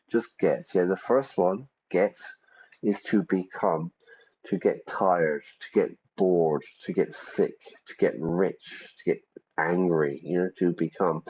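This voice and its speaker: Male streamer-teacher, low voice, chatty check-ins, slightly muffled lo-fi recording. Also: darkish tone, slightly rough. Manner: chatty, checks in with frequent "yeah?". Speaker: English teacher streaming a game. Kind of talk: casual teaching while gaming.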